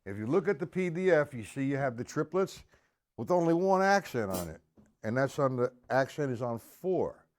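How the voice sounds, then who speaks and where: A man teaching drums on a live stream, counting the beats out loud and making gruff, cussing asides to his viewers. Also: medium pitch, sing-song, moderate pace. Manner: counts beats aloud loudly, gruff asides and mild swearing. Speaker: drum teacher. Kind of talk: live-streamed drum lesson.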